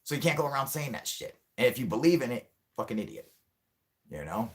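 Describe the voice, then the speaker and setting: A man's voice: medium pitch, very animated, brisk. Angry, profane man ranting. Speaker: channel host. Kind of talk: livestream rant with chat.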